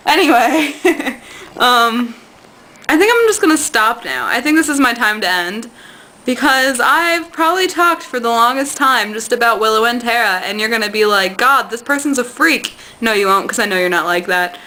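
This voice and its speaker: A woman's voice: a little high, bright, forceful tone, poor audio. A woman rambling to the camera in a casual vlog, gushing and giggly, and acting out quoted lines in bouncy voices. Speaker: vlogger.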